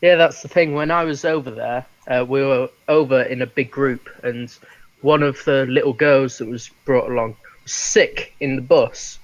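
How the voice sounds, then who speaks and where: A man's voice: mid-range voice, steady tone, normal speed, highs cut off. A young man, a player in a tabletop game, telling a travel anecdote casually and laughing often.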